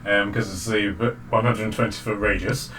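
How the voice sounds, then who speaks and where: A man narrating as game master of a tabletop game, halting often with fillers and restarts. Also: on the low side, steady tone, sharp tone. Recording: distant mic, faint background noise.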